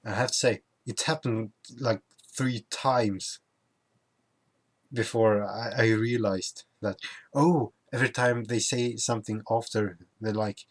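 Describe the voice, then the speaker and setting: A young man who is not a native speaker of English chats through his travel vlog at an unhurried pace. His voice sits a little low, and he often stops to restart words or add fillers. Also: steady tone. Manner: halting, many restarts and fillers. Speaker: vlogger. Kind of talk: casual travel vlog chat.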